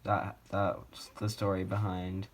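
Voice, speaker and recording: A teenage boy tells his own story into the camera from home, in a wheelchair. His voice sits low and he talks slowly. He rambles casually, with lots of fillers and false starts. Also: monotone, a little hiss or hum. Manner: rambling, halting, many fillers and restarts. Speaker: vlogger.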